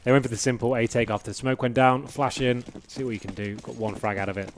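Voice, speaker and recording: A man's voice: medium pitch, fast, slight background noise. Man calling an esports match. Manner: builds to excited shouts during fights. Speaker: esports commentator. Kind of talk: live match commentary.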